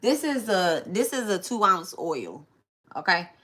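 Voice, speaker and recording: Bright-voiced woman chatting on a live stream. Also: on the low side, sing-song, a little slow, a little hiss or hum. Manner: chatty, repeats herself, talks straight to viewers. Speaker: tarot reader hosting a live stream. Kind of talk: casual live-stream chat.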